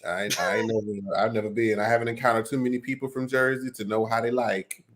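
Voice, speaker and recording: A man's voice: fairly low pitch, level tone, fast, a bit bright, slight background noise. A man co-hosting a casual chat show, asking questions playfully and laughing often. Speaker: co-host.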